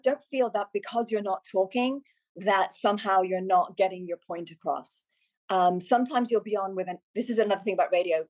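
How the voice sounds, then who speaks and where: A middle-aged Irish woman, chatting as a guest and giving media coaching tips. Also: mid-range voice. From Ireland. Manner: animated, chatty, many restarts and quoted asides. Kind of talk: casual podcast chat.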